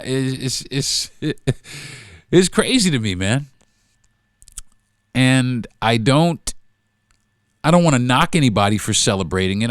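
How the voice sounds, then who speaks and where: A man's voice: medium pitch, dry recording, studio quality. A man hosting a solo podcast, talking in an emphatic, repetitive, profane rant. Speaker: podcast host.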